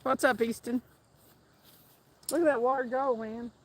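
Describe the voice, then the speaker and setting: A woman's voice: a little high, steady tone, unhurried. A woman hosting a fishing livestream outdoors by a stream, chatting casually, laughing often and reading out viewer names. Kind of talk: casual live-stream chat. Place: outdoors by a fast trout stream.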